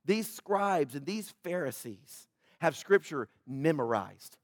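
A man preaching a sermon as pastor, swinging from loud emphatic peaks to quiet, slow scripture reading. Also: fairly high pitch, animated, no echo, clean studio sound.

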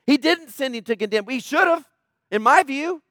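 A man's voice: very high-pitched, lively intonation, moderate pace, bright, forceful tone, dry recording, clean studio sound. A middle-aged man preaching a sermon in an emphatic, conversational way, often asking questions.

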